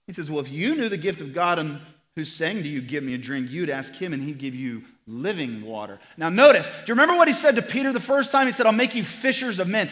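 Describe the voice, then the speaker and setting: A male lead pastor preaching a sermon, animated, acting out voices in the story and swinging between loud emphasis and quiet, low moments. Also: fast talker.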